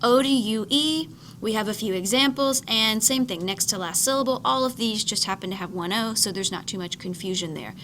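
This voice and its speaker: A woman's voice: medium pitch, a little fast, a bit bright, a little hiss or hum. A woman teaching a recorded lesson, explaining patiently, repeating key points and modeling each word's pronunciation. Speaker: Spanish teacher. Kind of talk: recorded slide lecture.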